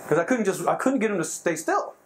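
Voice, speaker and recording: A man with a notably high voice runs a motivational seminar for a live audience. He is excitable and keeps laughing at his own jokes. A faint noise sits under his voice. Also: fast, rough recording. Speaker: seminar trainer.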